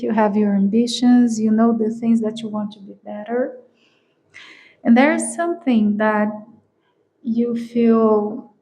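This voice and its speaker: A tarot reader whose first language is not English, speaking slowly and searching for words, often laughing as she gives a collective reading. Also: on the high side, a little mellow, low-quality recording.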